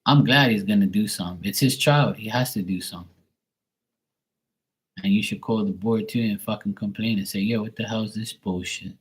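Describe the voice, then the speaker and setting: A man reading tarot on a live stream, chatting bluntly to a viewer, swearing freely and getting animated when worked up. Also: lowish voice, fairly quick, slightly rough, low-quality recording. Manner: blunt, swears often, talks straight to a viewer. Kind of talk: casual live-stream chat.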